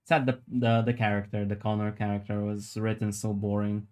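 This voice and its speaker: Low, flat-voiced man chatting casually. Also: normal speed, clear, resonant tone. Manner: rambling, joking, reads chat aloud; swears casually. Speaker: livestreamer sculpting while chatting. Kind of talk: casual chat with live viewers.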